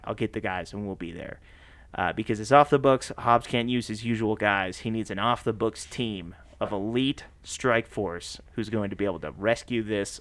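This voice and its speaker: A man co-hosting a podcast, recapping a movie plot in a casual, animated way, laughing often and slipping into voices for the characters. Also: fairly low pitch, no room sound. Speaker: podcast co-host.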